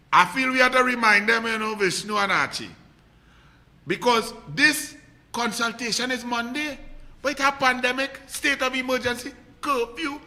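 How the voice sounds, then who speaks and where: Man doing a squeaky, bright Trinidadian satirist voice; sarcastic sing-song preacher. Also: full character voice. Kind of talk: political satire rant.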